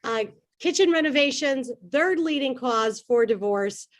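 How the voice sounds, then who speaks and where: A woman's voice: high-pitched, animated, measured pace. A middle-aged woman from the South Side of Chicago with a Chicago accent, doing an upbeat, self-deprecating stand-up comedy set.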